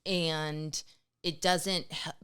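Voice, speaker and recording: A woman's voice: deep voice, fairly even intonation, drawn-out words, a bit bright, smooth. A middle-aged woman co-hosting a podcast, talking casually and emotionally, often quoting others. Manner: emotional, tearful at moments, quotes people in voices. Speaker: podcast co-host. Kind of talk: casual chat.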